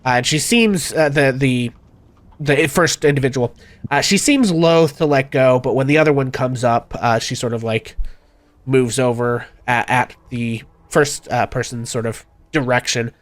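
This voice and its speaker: A man's voice: medium pitch, normal speed, no room sound. A man narrating a tabletop game as game master, hesitant and full of fillers.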